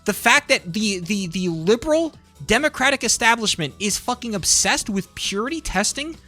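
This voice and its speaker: A man's voice: high voice, animated, moderate pace, pushed and bright, soft background music. A man livestreaming, ranting about politics in a profane, heated, rambling way. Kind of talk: casual political rant while gaming.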